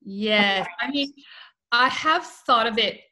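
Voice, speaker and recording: A woman's voice: fairly high pitch, animated, slow pace, sharp tone, rough recording. An American woman in her thirties, a guest in a casual interview, chatty and laughing often as she talks. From United States.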